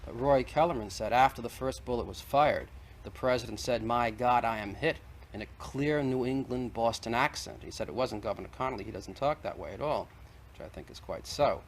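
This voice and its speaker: A man of middle pitch argues persistently, laying out evidence point by point in a televised debate. Faint noise sits under the voice of this old 1960s TV recording. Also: brisk. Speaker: debate guest.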